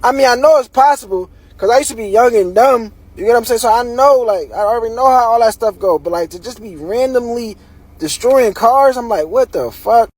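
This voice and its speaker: A man's voice: extremely high pitch, brisk, no echo. A man telling a story in a casual, slangy, profane way.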